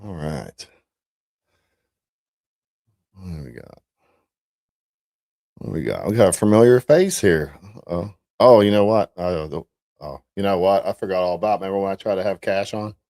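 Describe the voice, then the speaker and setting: Deep-voiced man hosting a livestream. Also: lively intonation, moderate pace, pauses often, warm tone, no echo, studio quality. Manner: laid-back, talks through what he is doing. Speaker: livestream host. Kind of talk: casual livestream chat.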